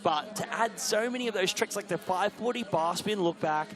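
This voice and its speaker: Excitable guy calling a bmx final live, high pitched, yelling over loud music. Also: normal speed. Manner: excitable, shouts and gasps at big tricks. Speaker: BMX commentator. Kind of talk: live sport commentary.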